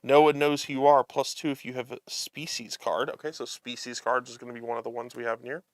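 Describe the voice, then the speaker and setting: A man's voice: medium pitch, steady tone, fast, no room sound, clean studio sound. A man hosting a live show, chatting casually as he unboxes a card game and reads the cards aloud, amused and chuckling often.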